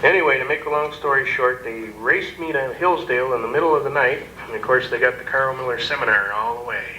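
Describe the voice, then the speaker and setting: A man's voice: mid-range voice, fast talker. A man telling a humorous anecdote to an audience, in a chatty, amused, folksy way with hesitant fillers. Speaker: storyteller. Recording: echoey noisy room recording.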